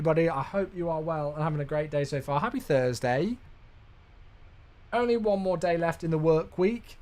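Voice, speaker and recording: Chatty man streaming, lively pitch. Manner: chatty, reads chat aloud, thanks subscribers. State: tired, yawning. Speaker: flight sim streamer. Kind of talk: casual live-stream chat.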